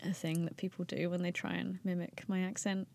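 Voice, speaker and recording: A woman's voice: on the low side, level tone, brisk, gravelly, darkish tone. Young woman, podcast guest, loose and self-mocking, trails off often. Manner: chatty, self-deprecating, laughs often, trails off with fillers. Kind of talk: casual chat.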